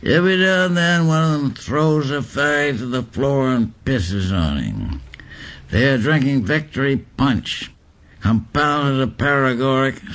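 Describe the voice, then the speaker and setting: A man reading literary prose aloud in a deliberate, deadpan recital. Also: mid-range voice. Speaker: reader.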